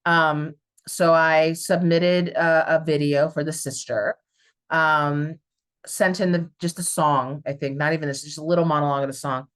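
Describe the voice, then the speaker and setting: Woman, low voice, from southern california, stage actor, animated casual storytelling, lots of ums. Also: moderate pace. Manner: animated, chatty, with frequent fillers. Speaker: stage actor, interview guest.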